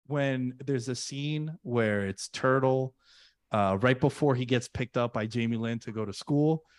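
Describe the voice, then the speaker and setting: A man's voice: medium pitch, darkish tone, no echo. A man co-hosting a casual rewatch podcast, earnest and chummy, talking about friendship. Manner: earnest and chummy, says "dude" and "man" a lot. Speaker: podcast co-host.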